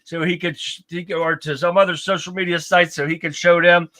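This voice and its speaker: A man's voice: sits high, little pitch movement, a little fast, sharp tone. A man in his fifties hosting a live-stream podcast, chatting casually and greeting viewers one by one. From United States. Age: 50s. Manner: upbeat, chatty, calls out to viewers. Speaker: livestream podcast host.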